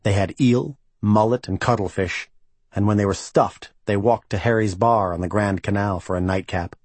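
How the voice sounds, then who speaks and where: A man reading a novel aloud as the narrator, in an even, measured manner. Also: fairly low pitch, no echo. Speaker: audiobook narrator. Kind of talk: scripted narration.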